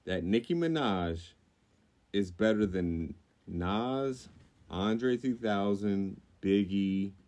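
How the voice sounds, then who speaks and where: A man's voice: lowish voice, dark tone. A man co-hosting a podcast, reading news items and riffing on them, loose and profane. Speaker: podcast co-host.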